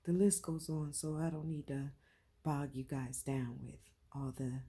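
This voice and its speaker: Low husky woman talking from the heart. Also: fairly even intonation, unhurried. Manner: heartfelt, swings from quiet to loud and emphatic, repeats phrases. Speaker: vlogger. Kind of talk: emotional personal vlog.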